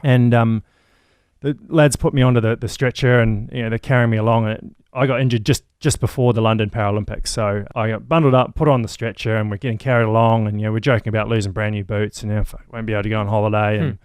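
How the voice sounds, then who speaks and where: A man's voice: lowish voice, fairly even intonation, fast talker, a little mellow, clear, resonant tone, dry recording, studio quality. A man being interviewed, telling his story frankly and swearing casually. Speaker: interview guest, athlete.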